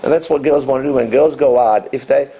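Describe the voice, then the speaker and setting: A man's voice: medium pitch, fairly quick, warm tone, husky, low-quality recording. A man in his fifties, a dating coach answering interview questions in a loose, rambling way, full of "you know" and restarts. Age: 50s.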